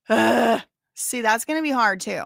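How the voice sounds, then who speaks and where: A woman's voice: on the high side, creaky, fairly bright tone, dry recording, studio quality. A woman hosting a livestream, answering chat questions in a sassy, blunt, casual way. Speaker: livestream host.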